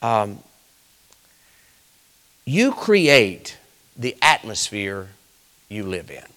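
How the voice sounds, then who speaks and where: A pastor preaching with a bright, ringing tone. His pitch leaps and dips all over as he tells homespun stories, and he builds up to loud bursts. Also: sing-song, very slow. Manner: folksy storytelling preaching, swelling to shouts. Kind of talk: sermon.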